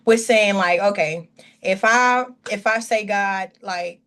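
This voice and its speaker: A woman's voice: mid-range voice, slow, fairly bright tone. A woman pastor speaking earnestly and from the heart as a guest, sharing her testimony in a casual chat, often rambling and restarting her sentences.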